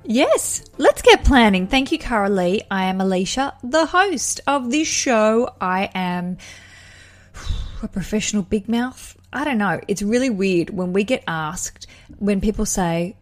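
A woman's voice: mid-range voice, lively intonation, unhurried. Chatty self-deprecating woman podcast host. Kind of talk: casual solo podcast chat.

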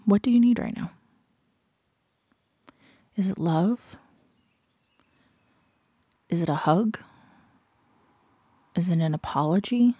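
A woman hosting a podcast, giving a slow, reflective motivational talk, often dropping into soft whispers and repeating questions to the listener. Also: lowish voice, husky, dry recording. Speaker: podcast host.

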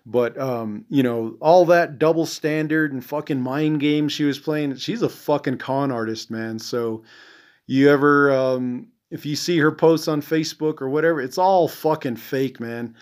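A man in a middle range of pitch rants as the host of a podcast, swearing freely and filling the gaps with "you know." He talks in a casual, rambling way, and his voice sinks quietly at the end of his phrases. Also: measured pace. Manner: angry, profane ranting full of "you know"; voice drops and trails off at ends of phrases. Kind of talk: casual monologue.

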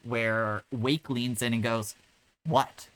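A woman co-hosting a podcast who recaps a film in casual chat, telling it in an animated way, acting out quotes and laughing often. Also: extremely low pitch, measured pace, poor audio. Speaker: podcast co-host.

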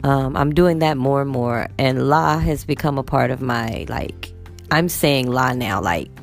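A woman teacher, chatting casually to her viewers in an animated storytelling manner. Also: very deep voice, measured pace, creaky, faint music behind. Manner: chatty, animated storytelling with acted quotes of students. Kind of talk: casual vlog chat.

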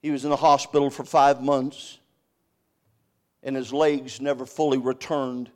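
An older man preaching a sermon, swinging between loud emphatic cries and hushed, quiet storytelling. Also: mid-range voice, level tone, measured pace.

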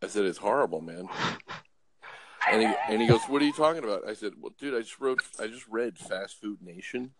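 Middle-aged guest raconteur, male, low-pitched, swears, acts out every line. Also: moderate pace, crowd noise. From Los Angeles. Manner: animated, acts out voices, swears, frequent restarts. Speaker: guest storyteller. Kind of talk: casual storytelling.

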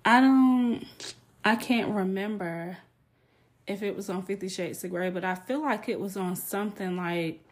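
A woman's voice: medium pitch, a little slow. Frank, chatty young woman podcast host. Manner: frank, laughs often, loose and chatty. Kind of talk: candid casual monologue.

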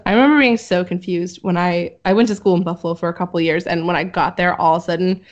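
A woman's voice: on the low side, fairly even intonation, fast, dull audio. A young woman co-hosting a podcast, explaining research in casual chat with lots of fillers and laughter. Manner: chatty, filler-heavy, laughs often. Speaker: podcast co-host presenting research.

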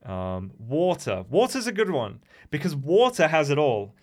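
A man's voice: on the high side, huge pitch swings, moderate pace, a little mellow. An English man with a slightly Americanized accent, hosting a solo podcast in a chatty, meandering way. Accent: English, with some American-sounding T's. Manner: chatty and meandering, with frequent fillers. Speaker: podcast host. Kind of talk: casual solo podcast talk.

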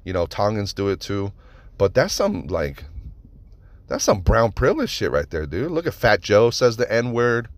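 A man hosting a podcast, telling stories in a casual monologue, animated and profane, with lots of rhetorical questions. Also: lowish voice, normal speed, dry recording. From United States (Nevada). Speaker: podcast host.

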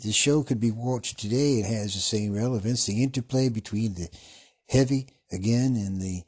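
A man hosting a podcast in a casual, rambling monologue, often losing his train of thought and restarting, with a husky voice. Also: on the low side, moderate pace, a little mellow. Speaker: podcast host.

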